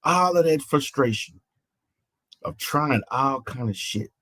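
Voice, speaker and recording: A man's voice: medium pitch, animated, slow, a bit bright, no echo. Profane, mocking man ranting on stream. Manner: mocking, profane, repeats phrases with stammered restarts. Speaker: online panel host. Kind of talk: heated live-stream rant.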